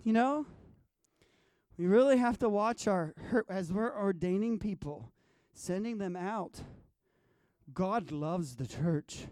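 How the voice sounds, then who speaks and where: A man with a high, light voice recounts his dreams and visions as a guest, swinging from near-whispers to raised bursts. The sound is dry and close, with no room around it. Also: takes it slowly, no echo. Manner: animated, swinging from hushed to loud. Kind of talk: storytelling about dreams and visions.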